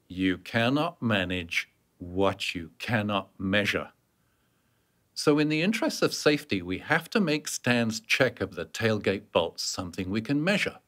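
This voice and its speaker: A man's voice: lowish voice, fairly bright tone. A man giving scripted narration for a workplace safety training course, explaining step by step and answering his own questions.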